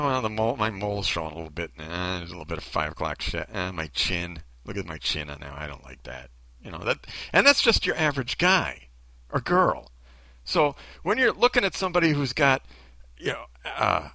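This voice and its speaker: Sarcastic man with a lively voice. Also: a little high, dry recording, low-quality recording. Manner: sarcastic, blunt. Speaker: commentator. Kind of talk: ranting commentary.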